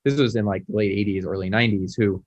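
A man's voice: fairly low pitch, steady tone, fast, highs cut off. A man who is a postdoctoral researcher, explaining lab work in casual conversation in a wry way. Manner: explanatory, wry, many fillers.

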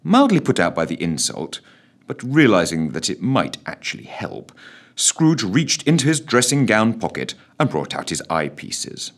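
A man's voice: fairly low pitch, huge pitch swings, normal speed. A man narrating a comic story with a wry, mock-solemn delivery.

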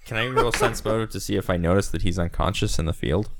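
Deep gravelly player, lively. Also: male voice, fast, a crowd in the background. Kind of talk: casual tabletop play.

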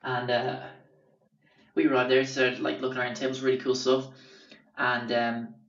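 A man's voice: medium pitch, completely flat delivery, normal speed, fairly bright tone. A young man with an Irish accent tells stories from his life in a rambling, sweary way with lots of fillers. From Ireland. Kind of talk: casual storytelling. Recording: roomy, distant, dull sound.

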